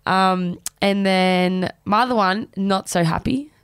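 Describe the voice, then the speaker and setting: A young Australian woman co-hosting a podcast, chatting casually and telling an animated story, acting out the voices she quotes. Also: mid-range voice, slow pace, smooth, dry recording, studio quality. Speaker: podcast co-host. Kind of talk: casual chat. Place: podcast studio.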